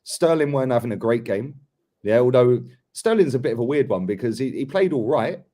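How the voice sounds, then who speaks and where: A young man trading opinions on a live football show. His voice sits at an ordinary pitch for a man, and he hammers his points home with blunt, slangy repetition. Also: animated, fairly quick, mellow. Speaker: football podcast co-host. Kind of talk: casual live football chat.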